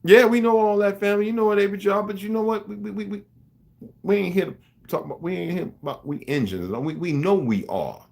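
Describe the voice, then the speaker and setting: A fast-talking man with a high-sitting, darkish voice and vocal fry rants on an unscripted livestream. He's profane and emphatic, rambling on and greeting viewers in the chat by name.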